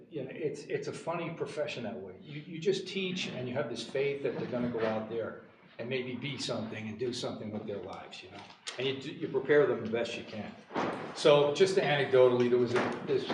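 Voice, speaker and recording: A man running for school board, telling a personal anecdote as a former teacher in a candidate forum. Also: medium pitch. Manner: anecdotal, storytelling, choked up at times. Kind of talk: candidate forum closing statement. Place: large hall. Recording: echoey hall, distant mic, faint noise.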